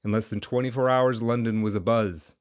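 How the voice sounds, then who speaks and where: A man narrating a classic story in a lively, expressive reading. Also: mid-range voice, a little fast, clear, resonant tone, no room sound, studio quality. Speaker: audiobook narrator.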